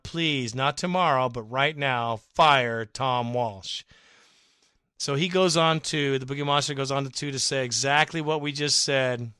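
A man hosting a sports fan podcast, chatting casually and reading listener comments with sarcastic, animated swings. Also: medium pitch, clean tone, dry recording, clean studio sound. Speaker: podcast host.

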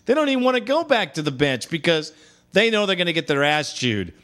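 A man's voice: fairly high pitch, very animated, a little fast, a bit bright. A man hosting a call-in podcast, talking in a blunt, chummy way with his callers. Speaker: podcast host. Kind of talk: casual call-in show hosting.

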